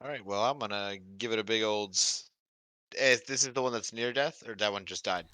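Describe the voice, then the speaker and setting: A relaxed man plays a tabletop game and laughs and swears casually. His voice is lowish, bright and smooth. It sounds dry and close. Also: fairly quick, no room sound.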